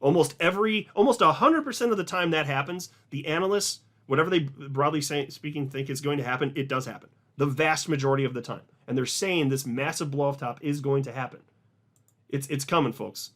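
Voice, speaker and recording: Excited man talking crypto. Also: a little high, brisk. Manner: excited, emphatic, repeats words. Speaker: crypto video host. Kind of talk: casual commentary to camera.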